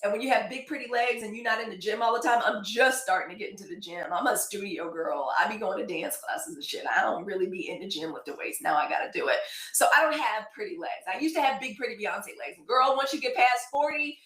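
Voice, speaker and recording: A woman's voice: medium pitch, fast talker, fairly bright tone. A woman in her forties hosting a daily live news show, talking casually and wandering off topic while thanking viewers by name. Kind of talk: casual livestream chat. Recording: echoey room.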